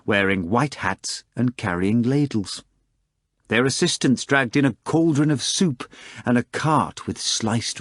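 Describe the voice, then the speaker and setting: Brief: male audiobook narrator, lowish pitch, dry studio read, measured. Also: no room sound. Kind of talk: scripted narration.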